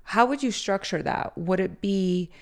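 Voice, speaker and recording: A woman's voice: medium pitch, unhurried, a little mellow. A woman co-hosting a casual podcast, asking questions in a hesitant, curious way. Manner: inquisitive, hesitant phrasing. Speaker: co-host.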